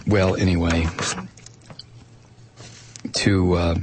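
Speaking at normal speed in a slightly high, animated voice with a breathy edge, a middle-aged man hosting talk radio reads a news item aloud and ridicules it with sardonic asides and laughs. He sits close to a studio microphone.

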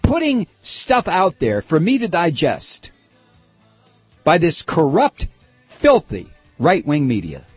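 A man's voice: on the high side, huge pitch swings, slow, husky, faint music behind. A middle-aged man hosting a political talk radio show, speaking in an impassioned, emphatic way with many restarts. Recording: dull, lo-fi radio audio.

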